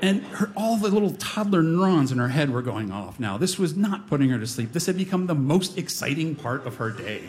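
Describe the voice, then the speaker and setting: A man's voice: medium pitch, expressive, a little fast, hardly any pauses, darkish tone, a little hiss or hum. A middle-aged man telling a personal story on stage before a live audience, wry and self-deprecating with comic timing.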